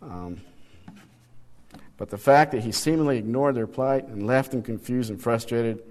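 A man's voice: mid-range voice, moderate pace, a little mellow. A man teaching a casual Bible study, reading passages aloud and checking in with rhetorical questions. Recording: long hall reverb.

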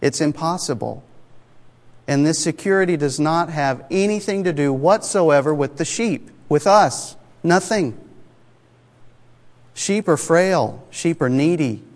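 Preacher with a twang, echoing hall. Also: male voice, on the high side, measured pace. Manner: conversational, emphatic, asks the congregation rhetorical questions. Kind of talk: sermon. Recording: long reverb of a large hall.

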